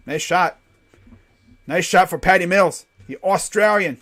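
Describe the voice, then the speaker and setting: Man, high voice, casual live play-by-play streamer, jokey rambling asides. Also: brisk. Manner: jokey, rambling asides between excited calls.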